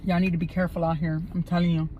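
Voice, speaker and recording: Woman, casual storyteller, street slang and cursing, phone in a car, clear road noise. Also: lowish voice, rapid-fire, lo-fi sound. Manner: animated, profane, street slang. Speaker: vlogger telling a story. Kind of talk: casual storytime while driving. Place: inside a moving car. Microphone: phone camera.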